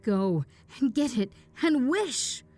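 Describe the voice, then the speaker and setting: A woman doing a frantic, shrill old mother. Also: expressive, a little slow, faint music behind. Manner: shrill, high and pleading. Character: frantic grieving old mother, desperate and feverish.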